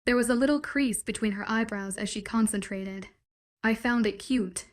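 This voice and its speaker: A woman narrating a first-person romance audiobook with an even, steady reading. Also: fairly high pitch, moderate pace.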